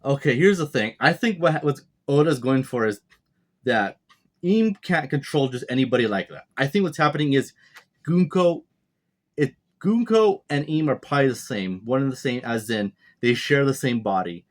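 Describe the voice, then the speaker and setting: A man's voice: medium pitch, expressive, normal speed. A man casually reviewing a comic chapter, rambling and speculating aloud with many fillers and restarts. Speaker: manga reviewer. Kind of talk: casual commentary.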